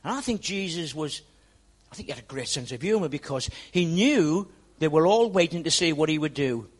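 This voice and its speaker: A pastor preaching a sermon in a church, speaking straight to the congregation and repeating words for emphasis. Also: male voice, a little high, expressive, fairly quick.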